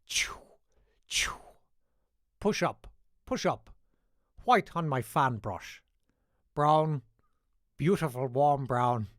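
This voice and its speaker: A man doing an impression of an Irish male TV painter, with an Irish accent, giving slow step-by-step brush instructions. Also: mid-range voice, animated, fairly bright tone, dry recording, studio quality. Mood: instructive.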